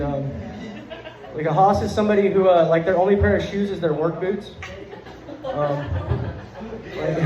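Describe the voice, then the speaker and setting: High-voiced young man doing a rambling stand-up set. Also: a little mellow. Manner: rambling, filler-heavy, profane, laughing through lines. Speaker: stand-up comedian. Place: comedy club stage before a live audience. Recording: roomy, dull club recording.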